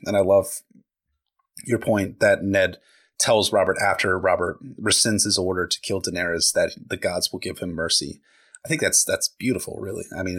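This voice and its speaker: A man's voice: deep voice, fairly bright tone, breathy edge. A man co-hosting a podcast, talking casually and enthusiastically about a book, with loose slang and swearing. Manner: enthusiastic, casual, swears freely, says "like" a lot. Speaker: podcast co-host.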